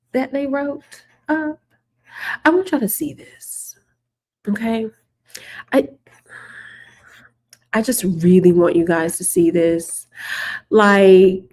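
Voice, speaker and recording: A woman's voice: medium pitch, a little mellow. A woman hosting casual political commentary, sarcastic and emphatic, repeating her points for the viewers.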